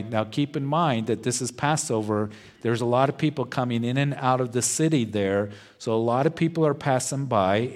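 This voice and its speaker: Slow, deliberate male preacher. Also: medium pitch, a little mellow. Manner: slow, deliberate, verse-by-verse teaching. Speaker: pastor. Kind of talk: expository sermon.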